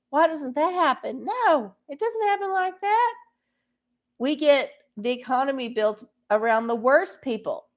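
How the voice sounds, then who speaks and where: Host: woman, fairly high voice, swears freely, rants at viewers in a casual livestream chat. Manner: profane, ranting; talks to viewers directly.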